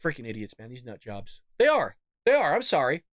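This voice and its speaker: A man's voice: mid-range voice, wildly swooping pitch, fairly quick, no echo, studio quality. A man hosting a live political commentary show, ranting in a heated, exasperated way with frequent restarts.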